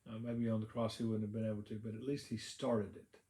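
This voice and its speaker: A man preaching a sermon as a pastor, in a conversational way with many pauses and restarts. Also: fairly low pitch, level tone, dark tone, echoey room. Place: church sanctuary.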